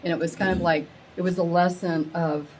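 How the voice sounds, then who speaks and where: A middle-aged woman telling a rambling, excitable story to a small live group, acting out the quotes with big jumps in her voice. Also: fairly low pitch, fairly quick, a little hiss or hum, rough recording. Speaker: meetup attendee sharing a story. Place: women's meetup gathering, audience laughing.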